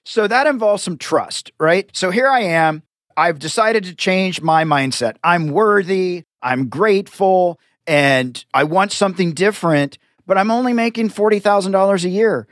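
A man's voice: high-pitched, animated, normal speed, fairly bright tone, no echo, studio quality. A man hosting an interview, affirming and reflective, restating his guest's points. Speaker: podcast host. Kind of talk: conversational interview.

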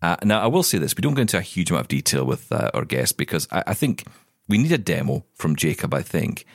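A man co-hosting a casual radio chat show, animated and rambling, with frequent restarts and chuckles. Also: low voice, quick pace, gravelly, no echo, studio quality. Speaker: co-host.

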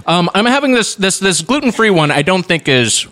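A man's voice: sits high, very animated, normal speed, pushed and bright. A man chatting on a podcast, talking with hesitant restarts and a mock-formal tone. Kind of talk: casual podcast chat.

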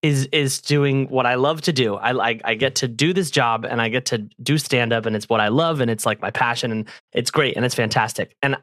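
A man who does stand-up, telling a story in casual chat with friends, animated and swearing freely, often laughing. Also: mid-range voice, brisk, hardly any pauses, dry recording, studio quality. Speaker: stand-up comedian and podcast cast member.

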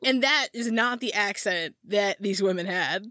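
Woman, young adult, podcast co-host, animated, playful, giggly, dry close mic. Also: medium pitch, a little slow, no room sound. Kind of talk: casual chat.

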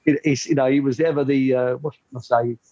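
A man's voice: medium pitch, fairly even intonation, fairly quick, highs cut off, crowd noise. Older man telling rambling stories. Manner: rambling anecdotal, many fillers. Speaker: guest, former football coach. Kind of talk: storytelling interview.

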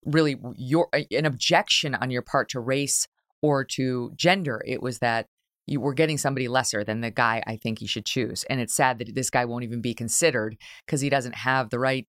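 A woman hosting an interview show in casual chat, blunt and quick to laugh and swear. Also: rumbling low, steady tone, fairly bright tone, dry recording, studio quality. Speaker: talk show host.

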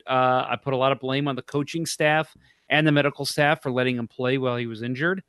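A man's voice: medium pitch, a bit bright, no room sound. Male podcast co-host, blunt and opinionated, dry close sound. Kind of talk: casual sports podcast chat.

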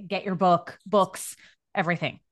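A woman's voice: fairly low pitch, steady tone, moderate pace. A woman hosting a podcast interview, chatting casually and praising her guest enthusiastically. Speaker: podcast host.

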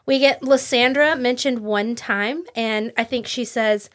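A woman's voice: on the high side, a little slow, a bit bright. Chatty, laughing woman podcast host. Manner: chatty, laughs often, rambling. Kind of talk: casual book chat.

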